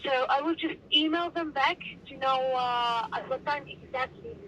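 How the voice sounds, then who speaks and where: A woman's voice: sits high, moderate pace, pushed and bright. A woman on a phone call for a tow service, speaking politely and a little hesitantly. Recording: noisy phone line.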